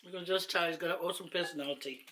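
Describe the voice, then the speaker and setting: A woman's voice: lowish voice, fairly even intonation, rapid-fire, sharp tone, slight background noise. A woman chatting casually to camera while eating, rambling and laughing between asides. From New Zealand. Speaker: mukbang vlogger.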